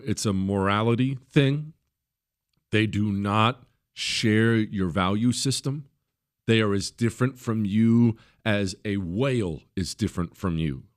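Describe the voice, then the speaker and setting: On his talk radio show, a middle-aged man gives an emphatic monologue full of opinions. Whenever he quotes someone, he jumps into a high, mocking voice.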